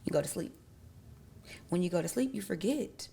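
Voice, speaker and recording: Podcast guest, young woman, low gravelly voice, candid storyteller who acts out quotes. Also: moderate pace. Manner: candid, animated retelling with acted-out quotes. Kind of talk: casual conversation, personal storytelling.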